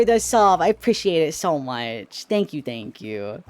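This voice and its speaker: A man live-streaming, chatting casually with his viewers, swearing often, and swinging between loud and quiet. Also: a little high, very animated, measured pace, few pauses, no room sound.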